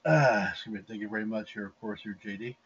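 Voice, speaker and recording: A man's voice: on the low side, fast talker, fairly bright tone. A man co-hosting a podcast in a formal, announcer-like manner, repeating stock phrases often. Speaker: podcast co-host. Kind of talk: formal on-air commentary. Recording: dull lo-fi sound with faint background noise.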